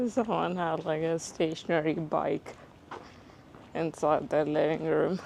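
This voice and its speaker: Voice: mid-range voice, steady tone, slow pace, gravelly, a little mellow, a little hiss or hum, rough recording. A vlogger chatting casually on a walking livestream, laughing often and reading chat aloud from a handheld phone outdoors. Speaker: live-streaming vlogger. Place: outdoors on city streets.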